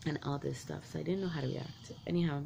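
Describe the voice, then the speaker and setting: A woman's voice: low voice, steady tone, quick pace, vocal fry, mellow, slight background noise. A woman vlogger telling a personal story from her childhood, candid and rambling, full of "like" and restarts. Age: adult parent.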